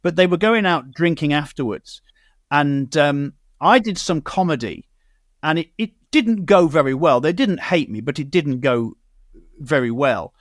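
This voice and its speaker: British male host, slightly high voice, dry close studio sound, chatty storyteller. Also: animated, a little slow, no echo. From Britain. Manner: chatty, storytelling with quoted asides. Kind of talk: casual radio chat.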